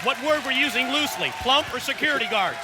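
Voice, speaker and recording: High-voiced male commentator over loud crowd. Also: fast talker, very noisy. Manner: energetic, explaining. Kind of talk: play-by-play commentary. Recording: broadcast mix with loud music and crowd.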